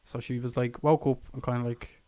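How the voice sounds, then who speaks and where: A man's voice: mid-range voice, level tone, brisk, mellow, clean tone, no room sound. A young Irish man co-hosting a podcast, telling a long story in casual chat, swearing, laughing and putting on voices for the people in it. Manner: swearing, laughing, acts out quotes in a raised voice. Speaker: podcast co-host.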